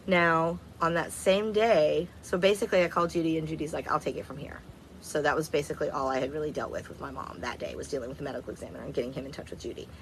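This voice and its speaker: A woman's voice: deep voice, a little hiss or hum, rough recording. A woman casually telling a personal story, blunt and candid, swearing freely and rambling. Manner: rambling, repeats herself.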